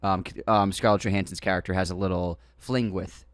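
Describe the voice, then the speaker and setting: A man with a fairly low voice talks excitedly about films on a podcast, circling back and restarting as he searches for words. His voice is close and dry, with no room sound at all. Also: brisk, no room sound. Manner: enthusiastic, rambling with fillers. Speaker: podcast co-host. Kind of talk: casual film discussion.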